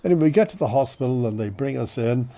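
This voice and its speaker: A man's voice: mid-range voice, lively intonation, fast, mellow. A man with a cold, hosting a podcast and telling a personal story in a chatty, self-deprecating way. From Ireland. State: has a cold. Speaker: podcast host. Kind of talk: casual storytelling.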